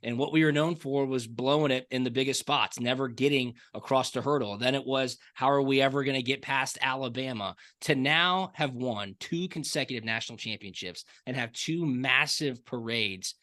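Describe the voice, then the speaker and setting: A man's voice: mid-range voice, pushed and bright. A man from Atlanta hosting a sports podcast, chatting casually and telling stories with enthusiasm. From Atlanta, Georgia. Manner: enthusiastic, storytelling, quick asides. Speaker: podcast host.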